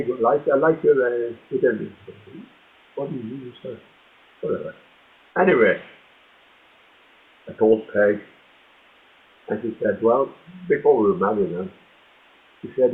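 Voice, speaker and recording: Older Irish man telling rambling stories. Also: medium pitch. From Ireland. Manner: rambling anecdotal storyteller, acts out voices. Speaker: guest author. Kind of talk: storytelling interview. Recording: tinny phone-like line.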